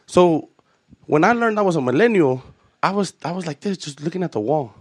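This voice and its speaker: High-voiced comedian telling crude stories. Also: male voice, lively intonation, a little fast, dry recording. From Los Angeles. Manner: profane, storytelling, Chicano slang. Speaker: stand-up comedian. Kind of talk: stand-up set.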